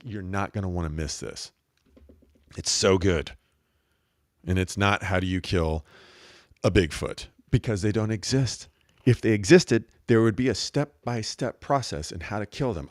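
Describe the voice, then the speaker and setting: A man's voice: lowish voice, dry recording, studio quality. A man hosting a weekly question show, giving emphatic spiritual advice with jokey asides. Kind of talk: casual spiritual advice talk.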